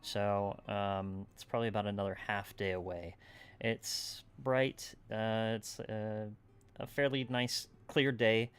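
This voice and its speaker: A man's voice: fairly low pitch, slow pace, clear, resonant tone. Easygoing male game master. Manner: relaxed, filler-heavy, checks in with "right?". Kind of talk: casual narration of a tabletop game.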